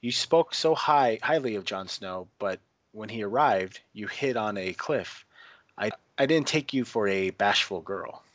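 A man's voice: fairly low pitch, lively intonation, measured pace, fairly bright tone, no echo. A man reading the wry, needling lines of a sly middle-aged spymaster.

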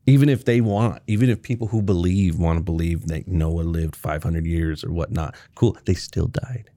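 Deep, dark-voiced man rambling casually. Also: normal speed. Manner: rambling, filler-heavy talk. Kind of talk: casual chat.

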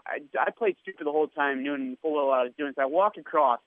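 A man who is a radio sports host, excitedly telling an anecdote and acting out the quoted lines. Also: fairly high pitch, rapid-fire, few pauses. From India. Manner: animated anecdote teller, acts out quoted lines. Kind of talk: casual storytelling. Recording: tinny phone-like line.

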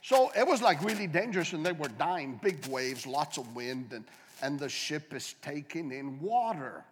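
A man preaching a sermon as a guest speaker, dramatic and joking, swinging from quiet talk to shouting. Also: fairly high pitch, animated, normal speed, long reverb tail, slight background noise.

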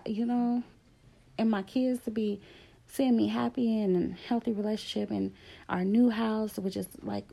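A middle-aged woman tells her own story in a casual, candid way. Her voice carries a gravelly fry and a mellow, dark tone. She leans hard on key words, rushing some stretches and slowing right down on others. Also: on the high side. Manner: candid, emphatic, drifting between fast and slow. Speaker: speaker sharing a personal story.

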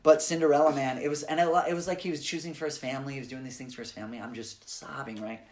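A man in his thirties co-hosting a podcast, telling personal stories in a casual, animated way. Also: mid-range voice, racing. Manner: animated storyteller, acts out quoted family voices. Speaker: podcast co-host. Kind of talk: casual chat.

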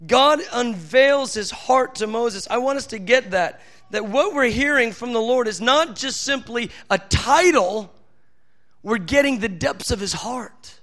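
A man's voice: very high-pitched, a little slow, a bit bright. A man preaching a sermon with fervent delivery that builds to emphatic outbursts.

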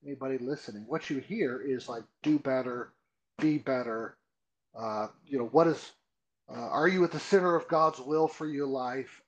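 Being interviewed in a conversational teaching format, a pastor guest earnestly explains doctrine using rhetorical questions and emphatic repeats. His voice is on the high side, and the audio is poor.

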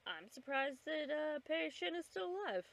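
Sardonic, fairly high-voiced woman co-host. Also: very animated, moderate pace, vocal fry, fairly bright tone. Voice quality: sardonic, swears freely. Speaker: podcast co-host. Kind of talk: casual chat while watching a movie.

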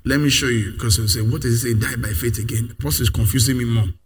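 A man preaching a sermon, leading the congregation in call-and-response and rising to loud declarations. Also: mid-range voice, steady tone, fast, husky.

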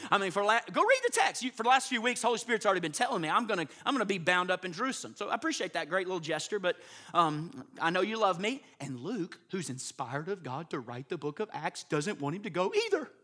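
A man's voice: high-pitched, big pitch swings, fast, bright, forceful tone. A man preaching a sermon to a room of pastors, emphatic and constantly checking in with his listeners. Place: live before a room of listeners.

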